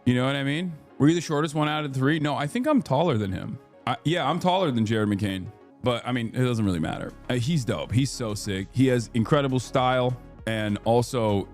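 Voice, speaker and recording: Chatting on a live stream, a man in his thirties tells stories in an animated, profane, ranting way. His pitch is an ordinary middle range, with faint music playing beneath him.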